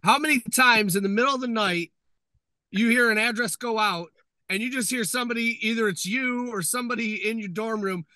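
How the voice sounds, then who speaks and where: A man on a firefighter podcast, explaining earnestly what the work is like. His voice is high and extremely bright, and it sounds dry and close to the mic. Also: brisk, no echo. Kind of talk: casual chat.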